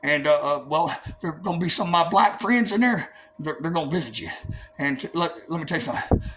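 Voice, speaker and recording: A man's voice: a little high, expressive, fast talker, fairly bright tone. A man in an angry, profane monologue to his viewers, combative and stammering through many fillers. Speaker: vlogger.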